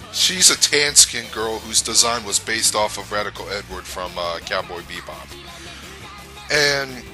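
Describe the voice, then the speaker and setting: A man's voice: on the low side, sharp tone, low-quality recording. A man giving a casual review rant, rambling, blunt and profane, with frequent restarts. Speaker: anime reviewer.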